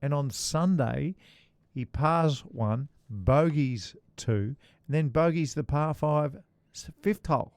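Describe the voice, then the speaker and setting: Chatty podcast co-host, dry sound. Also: male voice, fairly high pitch, no echo. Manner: chatty, joking, quick asides. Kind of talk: casual golf chat.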